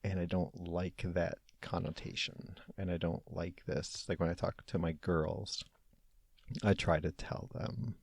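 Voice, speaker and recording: A man hosting a solo podcast, talking in a hesitant, reflective way with lots of fillers and restarts, soft-spoken and low-key. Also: fairly even intonation, a little slow, creaky, no echo, clean studio sound. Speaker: podcast host. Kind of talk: casual solo podcast monologue.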